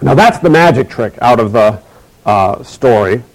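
A middle-aged male lecturer speaks in a measured, emphatic way, slowing down to stress and repeat his key phrases. His voice sits at an ordinary pitch with a noticeable gravelly fry. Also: expressive, poor audio. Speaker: university lecturer. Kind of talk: recorded academic lecture.

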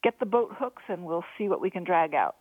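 A woman's voice: on the low side, lively intonation, a little fast, husky, no room sound. A woman voicing a firm male second-in-command giving orders. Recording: dry, phone-like narrow sound.

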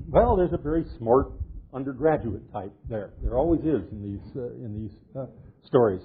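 An older man, a literature professor, giving an animated lecture and cheerfully acting out the characters of a medieval tale, reading old verse aloud. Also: medium pitch, moderate pace, breathy edge. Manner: jovial, acts out quoted characters, reads old verse aloud. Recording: tinny phone-like lecture recording.

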